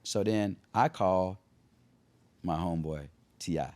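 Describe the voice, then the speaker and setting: A middle-aged man, an R&B singer, telling stories casually in an interview and often imitating people's voices. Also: slow. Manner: animated storyteller who imitates people in high voices. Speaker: R&B singer guest.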